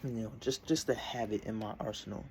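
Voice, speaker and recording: A man's voice: lowish voice, brisk, a little hiss or hum. Young man rambling at his desk. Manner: meandering, self-interrupting, relaxed. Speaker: vlogger. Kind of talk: casual rambling vlog.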